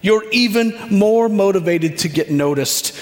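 A man preaching, leading listeners through a scripture scene in the second person, with a reflective manner and dramatic pauses. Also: sits high. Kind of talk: guided scripture meditation. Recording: long hall reverb.

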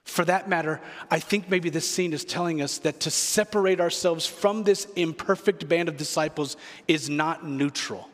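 A man's voice: on the high side, moderate pace. Man preaching in a reverberant hall. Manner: reflective, earnest preaching with repeated phrases. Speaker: pastor. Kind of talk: sermon.

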